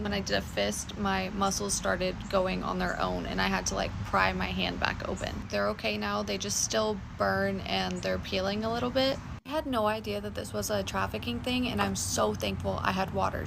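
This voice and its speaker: A woman's voice: medium pitch, vocal fry. A woman telling a personal story as a warning to viewers, in an earnest, cautionary way. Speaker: social media poster. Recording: noisy phone recording.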